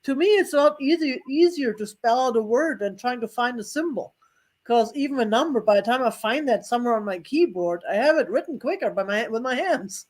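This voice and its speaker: A woman's voice: fairly high pitch, expressive, brisk. A woman hosting a live online vintage sale, chatting loosely with the audience, laughing often and making self-deprecating asides. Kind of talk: live online sales chat.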